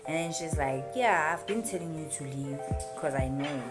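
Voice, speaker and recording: A woman's voice: low-pitched, moderate pace. A young South African woman with a South African accent, telling a story in a chatty way full of slang and fillers. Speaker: YouTuber. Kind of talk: casual storytime. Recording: music playing behind.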